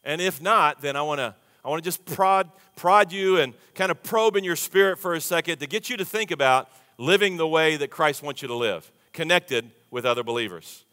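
In a large church sanctuary full of long reverb, a pastor with a fairly high, bright, forceful voice preaches at normal speed with few pauses. His sermon is folksy and conversational, and he keeps inviting the congregation to answer back.

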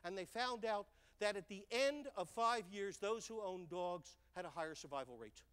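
Older man, storytelling on stage, keeps asking "right?", high pitch, long hall reverb. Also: normal speed, smooth. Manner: animated storytelling, checks in with "right?" and "okay?". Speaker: speaker. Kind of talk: stage talk.

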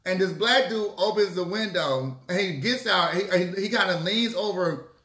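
A man telling a story casually to his viewers, lively and swearing freely. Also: sits high, moderate pace. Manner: animated, acts out quotes, swears freely. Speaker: mukbang vlogger. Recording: echoey room.

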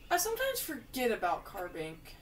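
A woman giving casual, jokey commentary while she plays a video game, with sudden loud outbursts. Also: on the high side, wildly swooping pitch, moderate pace, distant mic, a little hiss or hum. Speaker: gamer playing through a video game.

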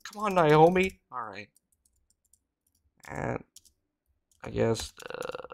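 A woman plays through a game, tossing out wry, joking asides as she goes. Her voice has a gravelly edge. Her pitch moves up and down a lot. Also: lively intonation, extremely slow, pauses often. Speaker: gameplay streamer. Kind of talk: let's play commentary.

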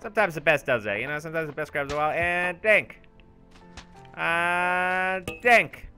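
A man giving goofy, boastful let's-play commentary, shouting when excited, with game music behind. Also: fairly high pitch, a little slow. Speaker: gaming channel host.

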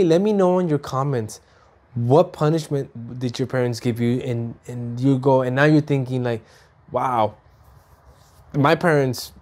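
A man in his thirties from Mexico, chatting to camera, who tells stories with lively voices for his mom and himself and often repeats and restarts his words. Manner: animated storytelling, acts out his mom and himself with big jumps up in pitch. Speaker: vlogger. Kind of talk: casual chat to camera.

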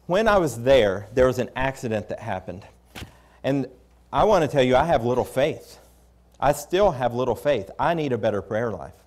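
A man's voice: medium pitch, very animated, moderate pace, a little mellow. A man preaching a sermon, recounting his experiences in a candid, conversational way with frequent restarts. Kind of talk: storytelling sermon.

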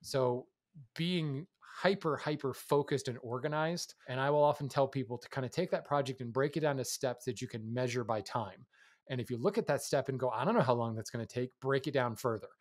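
A man's voice: medium pitch, brisk. A man co-hosting a woodworking podcast, giving advice in an easy, explanatory way and laughing now and then. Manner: relaxed, explanatory, laughs easily. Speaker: podcast co-host and woodworking teacher. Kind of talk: casual podcast chat.

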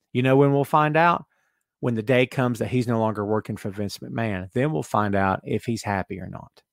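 This podcast host's medium-pitched voice carries some vocal fry as he works through listener comments, tossing in sarcastic replies. He's animated, alternating between loud asides and muttering. The audio is studio quality with no room sound.

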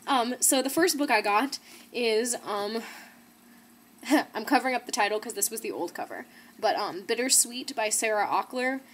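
A woman's voice: mid-range voice, a bit bright, slight background noise. A young woman in her teens hosting a casual book haul vlog, bubbly and gushing, with giggles and fillers. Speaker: book vlogger. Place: indoor room, not her usual one.

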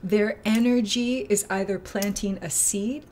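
A woman of medium pitch talks through a retreat announcement in easygoing chat. She rambles and leans on fillers like "um" and "you know" as she thinks aloud. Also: fairly even intonation, a little slow, darkish tone. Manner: chatty, rambling with many fillers. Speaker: retreat host. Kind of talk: casual chat.

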